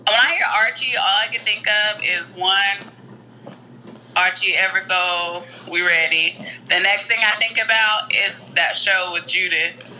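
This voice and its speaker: A woman's voice: mid-range voice, a little slow, bright, forceful tone, slight background noise, poor audio. A woman co-hosting a casual chat, blunt and joking, full of opinions.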